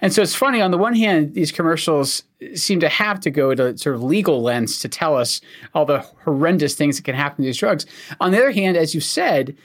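A man's voice: on the high side, animated, a little fast, a bit bright. A man from Scotland with a light Scottish accent, a doctor co-hosting a podcast chat with dry, wry humor. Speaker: oncologist co-host.

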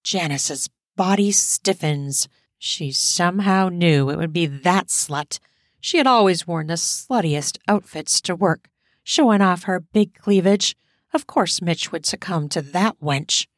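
A woman's voice: lowish voice, a little slow, no echo, studio quality. Woman narrating an erotic story. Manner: steady, explicit storytelling. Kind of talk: erotic audio story reading.

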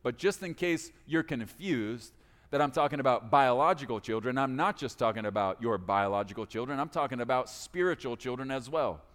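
A pastor delivers his sermon, a man whose pitch rises and falls freely as he tells the story with playful, casual asides. His voice sits at an ordinary middle pitch. It rings out with a long reverb tail from a church hall. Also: lively intonation, brisk, fairly bright tone. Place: church sanctuary.

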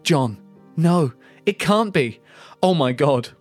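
A man's voice: animated, normal speed, faint music behind. A man voicing a distraught woman in her thirties, reading her lines in a melodramatic way. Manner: melodramatic, high put-on voice.

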